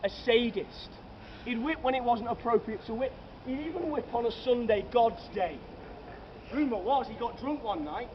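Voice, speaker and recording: A man with a very high-pitched voice and lively intonation guides a comic night ghost walk at a moderate pace. He's far from the mic, the recording is lo-fi with loud street noise, and he hams it up, jokingly addressing the crowd as sir and madam.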